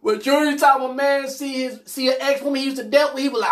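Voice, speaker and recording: A woman hosting a podcast, telling personal stories in a blunt, profane, animated way. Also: sits high, fast talker, few pauses. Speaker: podcast host. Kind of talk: casual monologue storytelling.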